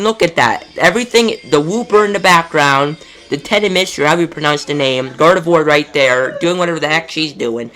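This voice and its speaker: A man's voice: a little high, a bit bright. A man talking casually and with exasperation as a collectibles video host, ranting with some profanity. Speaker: collectibles YouTuber.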